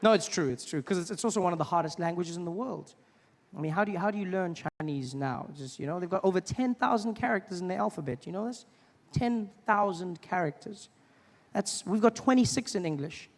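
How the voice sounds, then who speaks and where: A man's voice: high-pitched, fairly quick, long reverb tail. A man performing a stand-up comedy set in a live venue, acting out voices as he tells stories. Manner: animated, acts out other voices and accents. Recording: live stage recording with noisy ambience.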